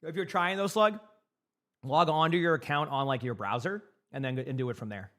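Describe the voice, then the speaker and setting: A man's voice: a little high, normal speed, fairly bright tone. A young man from Massachusetts with a light Boston accent, chatting casually on a live stream, reading chat aloud and rambling with lots of repeated words.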